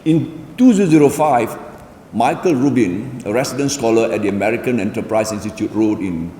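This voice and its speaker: A man delivers a formal public lecture at a measured, deliberate pace. His voice is mellow and dark. It rings out in an echoey hall with a long reverb, and faint ambience sits behind it. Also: mid-range voice, animated, a little hiss or hum. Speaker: lecture speaker.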